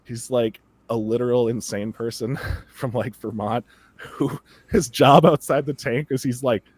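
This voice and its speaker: A man co-hosting a podcast, rambling excitedly in casual chat and laughing often as he talks. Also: medium pitch, a little slow, husky, no room sound. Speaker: podcast co-host.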